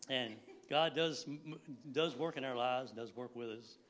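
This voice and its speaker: A man's voice: mid-range voice, a little slow, a bit bright. A man in his sixties giving a folksy, rambling church sermon, laughing now and then. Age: 60s. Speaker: lay preacher.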